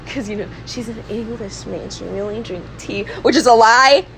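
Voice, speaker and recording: A woman's voice: fairly high pitch, moderate pace, a little hiss or hum, poor audio. A young woman hosting a podcast, recapping a film in casual chat, acting out the characters' lines and laughing often. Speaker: podcast host.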